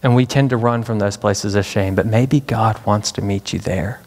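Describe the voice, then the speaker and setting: A man's voice: on the low side, normal speed, a little mellow. A man from Memphis, Tennessee, preaching a chapel sermon as a pastor, dramatic and full of rhetorical questions. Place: large chapel hall. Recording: long hall reverb.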